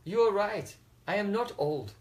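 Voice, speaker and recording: A man doing a calm, detached young sage. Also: high-pitched, measured pace, voice pushed up, low-quality recording. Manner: calm, reasoning, philosophical.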